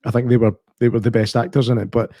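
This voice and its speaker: A Scottish man in casual film-review chat, speaking at a mid pitch. He tells animated anecdotes with the odd swear word. The sound is dry and close, with no room in it. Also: quick pace, no room sound. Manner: animated, swears and laughs while telling anecdotes. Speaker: podcast co-host.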